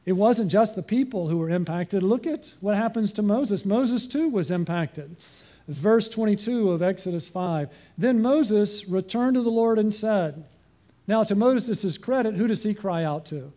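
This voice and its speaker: A man's voice: high voice, animated, measured pace, mellow. A man preaching a sermon, reading scripture and asking his listeners questions. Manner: earnest, asks the congregation questions.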